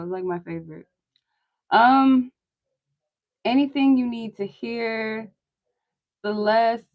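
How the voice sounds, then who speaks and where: A woman's voice: mid-range voice, dry recording, studio quality. A young woman hosting a live-stream tarot reading, chatty and rambling, answering her chat and laughing often.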